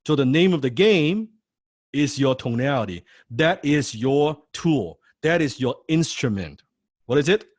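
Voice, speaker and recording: A man's voice: mid-range voice, expressive, unhurried, no room sound. Male sales trainer, emphatic and repetitive, close dry mic. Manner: emphatic, repeats key phrases, acts out phone calls. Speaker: sales coach. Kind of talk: live sales training class.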